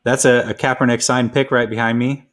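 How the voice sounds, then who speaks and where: A man's voice: mid-range voice, flat delivery, brisk, fairly bright tone. A man co-hosting a sports podcast, easygoing and agreeable in casual chat, mostly giving short replies. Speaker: podcast co-host.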